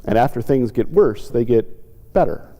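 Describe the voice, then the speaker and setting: A man's voice: expressive, measured pace, warm tone. A male pastor giving a reflective sermon, sometimes voicing the pleas of people he describes. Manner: reflective, acts out quoted pleas with lifted pitch. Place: church sanctuary. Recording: church sanctuary with long reverb.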